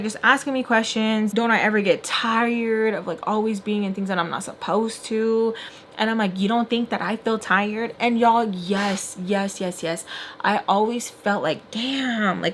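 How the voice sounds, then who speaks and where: A woman's voice: medium pitch, a bit bright, a little hiss or hum. A young woman vlogger telling a long personal story in casual chat while doing makeup, full of fillers and acted-out quotes. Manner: chatty, filler-heavy, acts out quoted voices.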